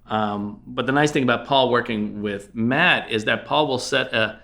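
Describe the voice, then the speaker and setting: A middle-aged man, a film composer, talking in a relaxed, searching way in a podcast conversation, full of "you know" asides. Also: mid-range voice, moderate pace, creaky.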